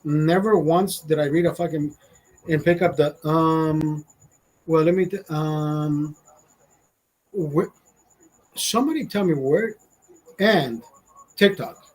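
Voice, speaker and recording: A man's voice: on the high side, measured pace, pauses often, a little mellow, husky, rough recording. A man in his forties from Honduras with a Honduran accent, delivering a blunt, profane, indignant rant to camera. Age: 40s. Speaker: vlogger. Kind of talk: casual ranting monologue.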